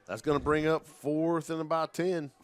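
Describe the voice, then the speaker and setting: A man calling live football play-by-play in an energetic, folksy, jokey way. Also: a little high, moderate pace. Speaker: play-by-play commentator.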